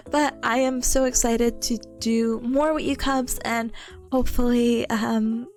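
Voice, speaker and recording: A young woman streaming a casual chat, bubbly and giggly, stammering and squealing with excitement. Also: on the high side, slow pace, soft background music.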